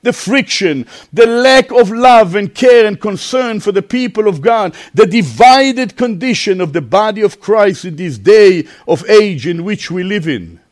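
A preacher delivers a sermon in a high, very animated voice that leaps up and plunges down. He reads scripture slowly and emphatically, drawing out each phrase for weight. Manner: slow, emphatic, swinging sharply between high and low; drawls out words in scripture quotes.

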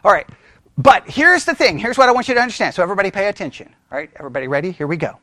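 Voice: medium pitch, lively intonation, racing, pushed and bright, no room sound. A Bible study teacher who speaks with energy, keeps asking the listeners questions and checking in with "right?", and thinks aloud with restarts.

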